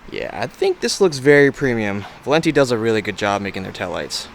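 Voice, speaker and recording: Fairly low and creaky with big pitch swings, this young man's voice moves fairly quickly as he narrates an outdoor car parts install, excited about the parts and cursing occasionally. A car modding vlogger on a wireless clip-on mic, he's heard over background music with slight noise.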